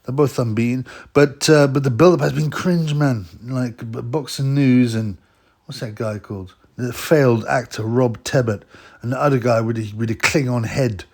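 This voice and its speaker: Guy, gravelly voice, mid-pitched, rambling blunt boxing commentary, mocking asides. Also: fairly even intonation, normal speed, a little mellow. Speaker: boxing vlogger. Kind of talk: casual commentary.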